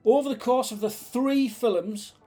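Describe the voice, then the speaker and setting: A man's voice: very high voice, measured pace, dark tone. A man ranting as a vlogger, sarcastic, exasperated and swearing freely. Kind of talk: ranting commentary.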